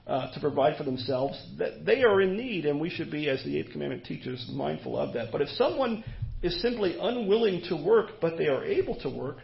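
A man's voice: on the high side, vocal fry. A man preaching an expository sermon, asking rhetorical questions and often repeating words as he goes. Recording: dull lo-fi recording.

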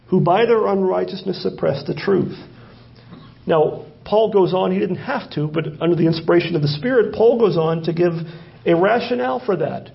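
A man with a high, gravelly voice preaching a sermon. He asks questions of his listeners and draws out key words from the verses he reads. The audio sounds dull and lo-fi. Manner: rhetorical questions, slowing to stress scripture. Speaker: pastor.

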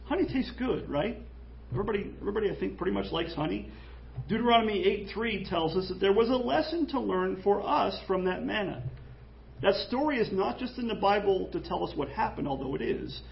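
A man preaching an animated, jokey sermon in church, acting out quoted voices. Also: high-pitched, fairly quick, gravelly, dull audio, a little hiss or hum. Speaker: pastor.

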